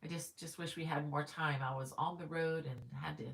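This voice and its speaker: Woman, middle-aged, low voice, upbeat, chatty, lots of ums and restarts, casual live-stream host. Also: fairly even intonation, brisk, vocal fry, heavy background noise. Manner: chatty and upbeat, greeting viewers by name; frequent ums and self-corrections. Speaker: crochet livestream host.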